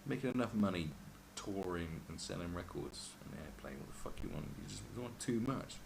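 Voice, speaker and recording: Deep gravelly man ranting. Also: lively intonation, normal speed. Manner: profane, ranting, mimics voices. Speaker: podcast host. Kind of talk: casual ranting chat. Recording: noisy background.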